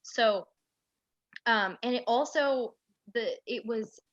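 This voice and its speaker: A woman's voice: a little high, slow pace, dry recording, muffled recording. A woman in her twenties from central New York, telling a rambling story full of "like" fillers as an interview guest. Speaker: guest, aspiring actress. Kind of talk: casual interview chat.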